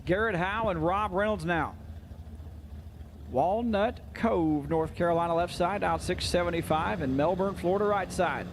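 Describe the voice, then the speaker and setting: A man calls drag races at an outdoor track in a high voice, reeling off names and numbers with quick jokes. His calls carry over the loudspeaker with faint noise behind them. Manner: rapid-fire jokey announcing. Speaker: drag racing announcer. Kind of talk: live race commentary over PA. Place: outdoor racetrack.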